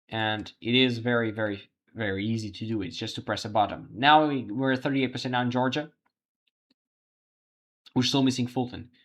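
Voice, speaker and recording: A man hosting a livestream, giving live election results commentary while thinking aloud, halting with frequent restarts. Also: mid-range voice. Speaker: livestream host.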